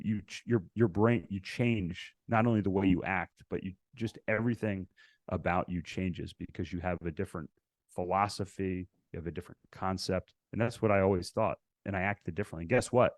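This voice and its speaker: A man as a podcast guest, telling stories in a casual, animated way and acting out past conversations. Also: fairly low pitch, no echo, studio quality. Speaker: podcast guest, real estate investor. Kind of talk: casual interview storytelling.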